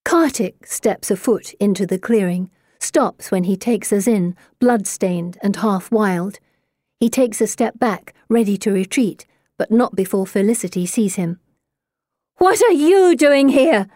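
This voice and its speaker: This is a woman audiobook narrator speaking slowly in a dark, mid-range voice, reading scripted first-person text. The studio-quality recording is dry.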